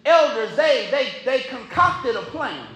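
A pastor preaching a sermon, shouting and whooping in call-and-response with the congregation. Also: male voice, very high-pitched, very animated, measured pace. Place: large church sanctuary. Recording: very echoey hall with crowd.

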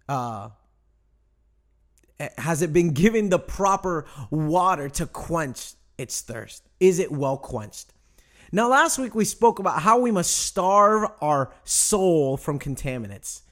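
A young adult male pastor preaching a sermon, emphatic and direct with the congregation, stretching out key phrases slowly. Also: on the high side. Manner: animated preaching, emphatic with slow drawn-out phrases; addresses congregation directly, asks them to respond.

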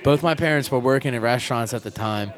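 Casual male podcast host, relaxed and profane, quick to laugh, mid-pitched voice. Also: some chatter behind. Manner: laid-back, profane, laughs often. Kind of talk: casual chat.

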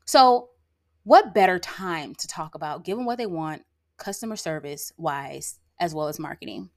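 A woman's voice: low-pitched, expressive, moderate pace. A woman hosting her own podcast in a casual monologue, sassy and emphatic, constantly checking in with "okay?" and "like". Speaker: podcast host; lash artist and brow tattooer. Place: rural area.

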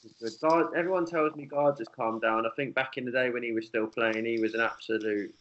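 A man's voice: medium pitch, steady tone, fairly quick, fairly bright tone. A man co-hosting a podcast, chatting casually and agreeing with the guest. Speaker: podcast co-host. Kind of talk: casual chat. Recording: dull lo-fi sound.

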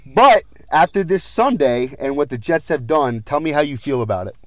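A man hosting a sports podcast, teasing his co-host and swearing freely in an excitable, casual way. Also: a little high, normal speed, no room sound.

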